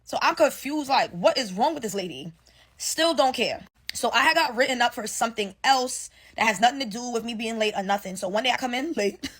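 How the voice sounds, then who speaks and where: Fast-talking, profane young woman ranting. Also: on the high side, husky. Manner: animated, profane, slangy storytelling with acted-out quotes. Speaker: storyteller ranting about work. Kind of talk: casual storytime rant. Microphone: phone selfie video.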